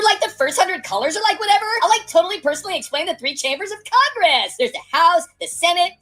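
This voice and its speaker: A woman voicing a ditzy valley-girl saleswoman giving a parody infomercial pitch, full of "like, totally". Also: fairly bright tone, exaggerated voice. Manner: filler "like, totally", hard-sell pitch.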